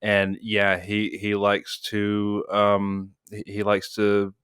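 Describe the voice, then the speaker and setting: A man with a Southern accent co-hosting a podcast in casual chat, friendly and halting with repeated restarts. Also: lowish voice, completely flat delivery, fairly bright tone, clear, resonant tone, no room sound, studio quality. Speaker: podcast co-host.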